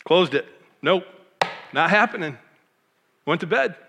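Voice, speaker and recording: Animated man telling his testimony. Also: high voice, unhurried, creaky, big-room sound, noisy background. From Michigan, USA. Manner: animated, emotional, acts out quoted voices. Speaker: pastor. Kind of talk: personal testimony storytelling.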